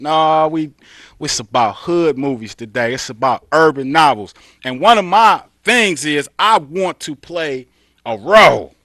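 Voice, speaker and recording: A man hosts a talk show from a TV station studio, his voice bright and forward. He tells stories in animated street slang and acts out each scene as he goes. The sound is dry and close. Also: medium pitch, normal speed, dry recording. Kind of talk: casual studio chat.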